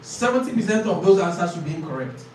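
A man's voice: high-pitched, expressive, darkish tone, far from the mic, slight background noise. Man teaching a class in an echoey room. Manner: explains slowly, repeats key phrases, quizzes students. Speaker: IELTS tutor.

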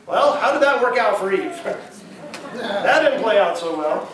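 Unhurried and expressive, a male pastor with a high, slightly bright voice gives a conversational sermon, posing questions to the congregation. The recording has echo from the church hall, a distant mic, and faint hiss or hum.

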